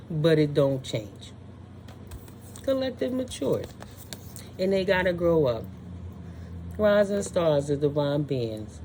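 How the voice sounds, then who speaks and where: A woman's voice: low-pitched, dark tone, a little hiss or hum. A woman doing a casual spiritual tarot reading, sassy and blunt, scolding with profanity and frequent laughs. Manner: scolding, dismissive. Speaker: tarot reader.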